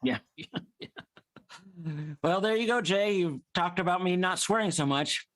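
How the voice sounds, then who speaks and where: A man's voice: high-pitched, unhurried, a bit bright, no room sound. A man performing an improvised comedy scene, hesitant and full of fillers. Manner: hesitant, many ums and uhs. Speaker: improv player.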